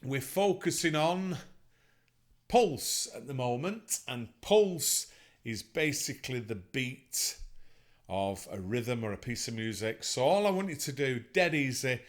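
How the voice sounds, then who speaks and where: A man's voice: medium pitch, animated, a little slow. A man teaching an online music lesson to children, upbeat and encouraging as he counts them in. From England.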